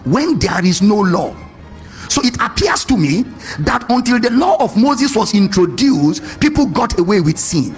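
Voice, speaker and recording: A male preacher giving a lively sermon, questioning his congregation and stretching words in a sing-song way. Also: sits high, unhurried, soft background music.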